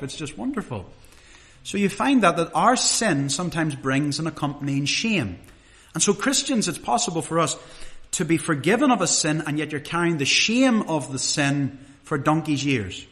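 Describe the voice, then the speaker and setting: A man's voice: on the high side, fairly bright tone. A middle-aged man preaching a sermon in a conversational, earnest way, asking the congregation rhetorical questions.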